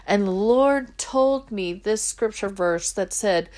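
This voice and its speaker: A woman's voice: mid-range voice, slow pace, hardly any pauses, a little mellow. Earnest woman telling a faith story. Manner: earnest and emotional, retelling with quoted dialogue. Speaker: podcast host. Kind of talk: personal faith podcast storytelling.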